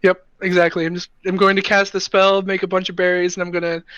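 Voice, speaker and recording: Male player, sharp tone, chatty with many pauses and fillers; dry, lo-fi recording. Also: high voice, completely flat delivery, clear, resonant tone, dry recording. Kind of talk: casual tabletop game play. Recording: dull, dry, lo-fi mic.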